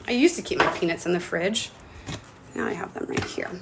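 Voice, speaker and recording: A woman's voice: lowish voice, lively intonation, a little fast, gravelly, heavy background noise. A woman in her forties chatting casually on a livestream from her phone, rambling and emotional, with casual swearing. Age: 40s. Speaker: livestream host. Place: home, stepping outdoors to a bird feeder.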